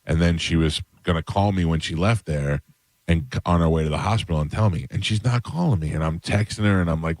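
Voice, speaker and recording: A man's voice: deep voice, a little fast, a little mellow, no echo. A man in his forties, a radio host, telling stories about his family and acting out what everyone said. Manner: storytelling, acts out family dialogue. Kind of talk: morning radio chat. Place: dry radio studio.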